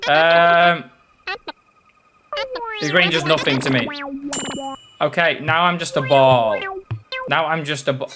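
A man hosts a gaming video, excitably commenting on the game and shouting at its character. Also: high-pitched. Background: game music.

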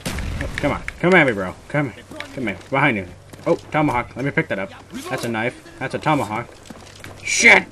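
A young man giving live commentary on his own gameplay, muttering one moment and yelling curses the next. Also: medium pitch, lively intonation, a little fast, background noise. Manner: swings from muttering to loud swearing rage. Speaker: gamer recording his match.

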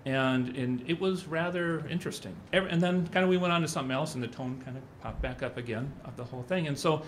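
This conference speaker is a middle-aged man whose voice sits on the high side and moves fast. He rambles through anecdotes, acting out what others said, with slight background noise behind him.

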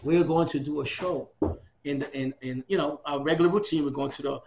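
A fairly high, fairly quick voice with vocal fry belongs to an older man from New City, a New Yorker from New York City. He animatedly tells stories in an oral history interview and performs the voices of those he quotes.

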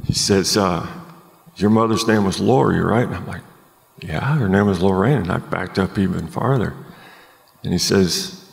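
Gravelly low-voiced man telling his story. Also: big-room sound. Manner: earnest, halting storytelling with many ums. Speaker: podcast guest. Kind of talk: telling his life story in a live interview. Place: conference room, live recording.

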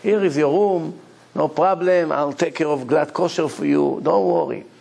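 A man's voice: on the high side, normal speed, creaky, a little mellow, husky. A man acting out a generous non-Jewish host who eagerly welcomes a rabbi, with an effusive, fawning manner. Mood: eager, welcoming.

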